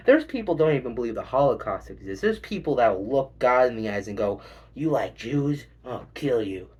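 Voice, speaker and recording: A man doing a stand-up set, rambling and swearing and acting out quick voices. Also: fairly high pitch, expressive. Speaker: stand-up comedian.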